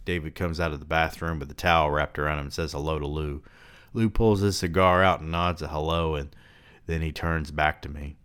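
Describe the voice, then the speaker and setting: A man with a very deep, smooth and resonant voice reads a novel aloud. He stops now and then for relaxed commentary and swearing asides. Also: moderate pace. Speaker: reader and book commentator.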